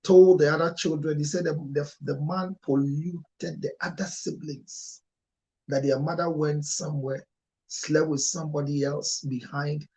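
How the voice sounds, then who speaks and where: A man speaking as a marriage counselor in an impassioned monologue, emotional and close to tears at times, his voice jumping suddenly higher and louder. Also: steady tone, measured pace. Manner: emotional, with sharp rises in pitch and loudness.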